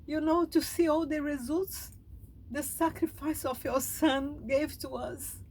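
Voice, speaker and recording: Slow, high-voiced emotional woman speaker. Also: steady tone, a little mellow, slight background noise, poor audio. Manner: halting, heartfelt, emotional. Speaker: spiritual speaker. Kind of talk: meditative reflection.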